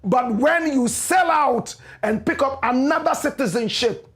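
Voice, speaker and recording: A man with a high voice and a Ghanaian English accent hosts a political commentary show. He preaches with passion, driving each point home through repeated rhetorical refrains. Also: measured pace, a bit bright. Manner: impassioned, preachy, repetitive rhetorical cadence. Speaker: radio and online show host.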